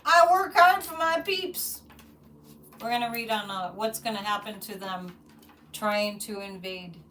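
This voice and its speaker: A woman hosting a psychic livestream, chatting casually and rambling, with frequent restarts and animated asides. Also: medium pitch, measured pace, recorded from a distance, slight background noise. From United States.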